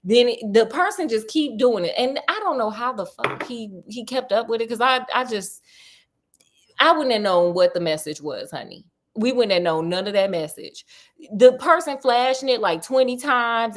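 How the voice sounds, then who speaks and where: A woman's voice: fairly high pitch, animated, moderate pace. Chatty woman retelling a story. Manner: chatty and slangy, acting out characters' lines. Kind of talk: casual retelling of a detective story.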